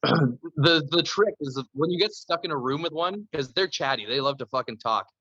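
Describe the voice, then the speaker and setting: A man's voice: a little high, animated, brisk, sharp tone, husky, dry recording, muffled recording. A man from Canada chatting casually on a podcast, telling loose stories full of swearing. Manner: loose, profane storytelling. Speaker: podcast guest.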